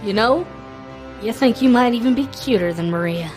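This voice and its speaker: A woman's voice: fairly high pitch, expressive, normal speed, a little mellow, faint music behind, lightly acted. A woman streamer voicing a brash, flamboyant male gambler who captains an airship, reading the game's lines aloud with cocky theatrical flair. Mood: teasing.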